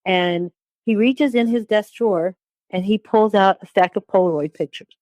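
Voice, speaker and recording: A woman in her sixties giving a personal testimony as an interview guest, halting, with repeated words and restarts. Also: mid-range voice, a little mellow, no echo, highs cut off. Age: 60s.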